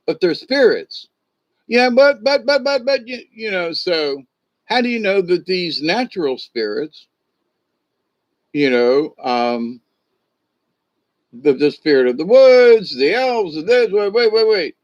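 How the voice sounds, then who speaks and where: A man casually tells a folk tale as a shaman storyteller, rambling and restarting with plenty of "you know"s. His voice sits a bit high. The recording sounds dull and lo-fi. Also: lively intonation, takes it slowly, pauses often, dry recording.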